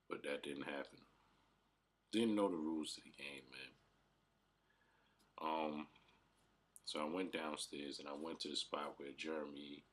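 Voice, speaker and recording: A man's voice: extremely low pitch, a bit bright, slightly rough. A man around thirty, an aspiring rapper, telling a rambling, emotional story about his struggles, full of fillers and slang. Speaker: aspiring rapper and podcast host. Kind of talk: casual storytelling monologue.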